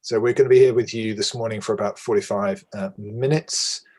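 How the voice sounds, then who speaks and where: Guy hosting a work webinar over video call, chatty, lots of uhs, lowish voice. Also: steady tone, a little fast, darkish tone. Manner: chatty, filler-heavy. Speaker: webinar chair.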